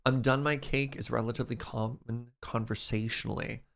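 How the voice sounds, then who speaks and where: A man's voice: medium pitch, fairly even intonation, normal speed, creaky, a bit bright. A man streaming and chatting casually, reading his chat aloud in a playful way and laughing often.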